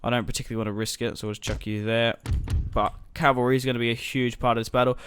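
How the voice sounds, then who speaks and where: A man's voice: mid-range voice, flat delivery, fairly bright tone, slight background noise. A young man giving casual commentary over a strategy game, thinking aloud as he plans his moves. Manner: thinking aloud, musing and unhurried. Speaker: gaming video host.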